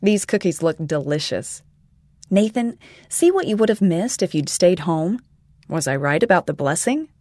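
A man voicing a patient, gentle mother who calmly explains things to her young son, in a storybook reading. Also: high-pitched, moderate pace, no room sound, clean studio sound, voice pushed up.

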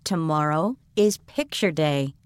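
A woman voicing a kind, patient female schoolteacher in a storybook read aloud, with a soft, coaxing manner. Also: medium pitch, animated, a little slow, no echo. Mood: sing-song. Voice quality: soft, coaxing, sing-song. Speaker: teacher character.

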